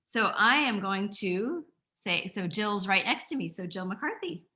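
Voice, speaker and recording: A woman from Maine speaking on a casual group call, fast-talking and enthusiastic. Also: mid-range voice, animated, sharp tone. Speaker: panelist.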